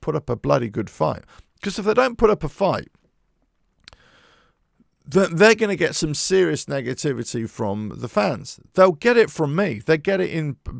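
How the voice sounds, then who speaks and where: Male fan-channel host, gravelly fry, dry close sound, fairly high voice, animated rambling monologue. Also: no echo. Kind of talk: casual monologue.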